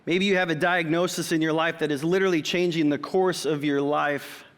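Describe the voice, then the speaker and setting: A man's voice: a little high, steady tone, brisk, fairly bright tone, clean tone. Man in his forties preaching in a reverberant hall. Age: 40s. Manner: conversational with personal asides. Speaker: pastor. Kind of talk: sermon. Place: church auditorium. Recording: long reverb of a church hall.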